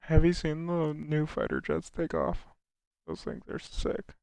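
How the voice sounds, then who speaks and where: A man's voice: fairly high pitch, huge pitch swings, unhurried, darkish tone, no echo. A young man chatting casually with viewers on a live stream, a laid-back airman who chuckles as he answers questions. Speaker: livestreamer and air force airman.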